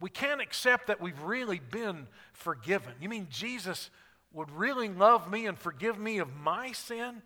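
A man preaching a sermon as pastor, rising to emphatic peaks and dropping to quiet asides. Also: high voice, big pitch swings, a little slow, long reverb tail.

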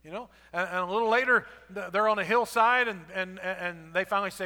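A man's voice: high voice, brisk, sharp tone, long reverb tail. A man, a pastor, preaching a sermon in a conversational storytelling way. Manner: storytelling, conversational, acts out quotes.

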